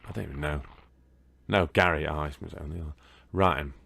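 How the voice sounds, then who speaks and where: Low creaky British gamer chatting. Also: male voice, fairly quick, a bit bright, dry recording. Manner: chatty, rambling, swears casually. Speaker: game video host. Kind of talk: casual let's-play commentary.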